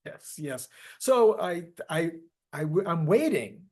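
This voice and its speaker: Brief: older male host, slightly high voice, emphatic commentary. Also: big pitch swings, slow, a little mellow. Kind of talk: casual opinion chat.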